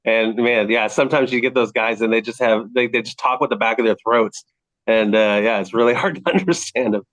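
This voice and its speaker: A man of average pitch chats casually, hesitant and given to laughing. His delivery has many small starts. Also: brisk, fairly bright tone, no room sound, rough recording. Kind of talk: casual chat.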